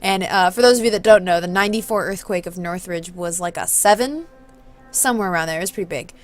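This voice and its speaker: A woman in her twenties from southern California, chatting in a rambling, self-deprecating way as she plays through a game, with sudden bursts of excitement. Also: fairly low pitch, quick pace. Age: 20s. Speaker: let's-play host. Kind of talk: casual commentary while reading a game.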